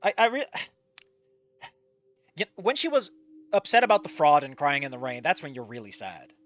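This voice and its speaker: A man's voice: on the high side, very animated, measured pace, fairly bright tone. A man with a nasal voice on a headset mic, reading a fanfic aloud and breaking off to rant about it, rambling, profane and opinionated. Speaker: fanfic reader and commentator.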